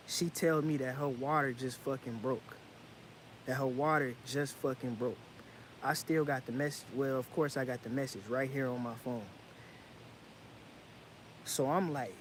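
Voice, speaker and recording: A man's voice: mid-range voice, a little hiss or hum, rough recording. Intense man telling a story to viewers. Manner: intense, repetitive, profane, addresses viewers as family. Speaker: vlogger. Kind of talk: casual storytelling monologue.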